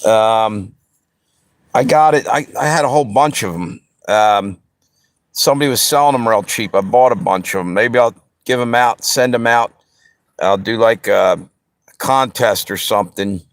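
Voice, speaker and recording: Talking directly to his chat, this livestream host from the Pennsylvania–Delaware area answers viewers in a relaxed, rambling way. He has a fairly low voice at normal speed, recorded clean in a studio with no echo.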